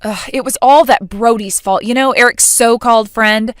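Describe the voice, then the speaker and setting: A woman's voice: a little high, normal speed, dry recording, studio quality, faint music behind, natural voice. A woman playing an indignant, hurt young bride who speaks in an exasperated way.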